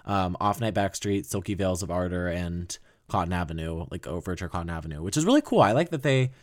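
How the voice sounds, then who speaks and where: A man's voice: sits low, animated, fairly quick. A young man hosting a podcast, talking casually and rambling about an album he loves, laughing often and swearing now and then. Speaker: podcast host. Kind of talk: casual music album review.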